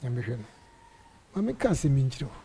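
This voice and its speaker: A middle-aged man from Ghana, an apostle, telling animated stories in an interview and acting out the dialogue. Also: mid-range voice, fairly quick, gravelly, a little hiss or hum. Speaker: apostle and church area head. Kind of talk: storytelling interview testimony.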